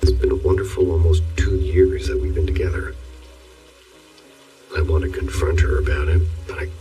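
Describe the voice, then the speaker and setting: A man narrating horror stories as a scripted read in a steady, even manner. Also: sits low, normal speed. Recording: distant voice, faint music.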